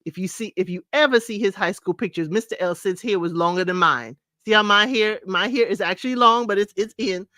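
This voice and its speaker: A chatty middle-aged woman hosts a laid-back talk show, breaking into snippets of songs between her remarks. Her voice sits at an ordinary pitch and is recorded close and dry, with no room sound. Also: brisk, hardly any pauses, sharp tone, no echo. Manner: chatty, sings snippets, laughs often. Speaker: podcast host. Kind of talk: casual chat counting down music.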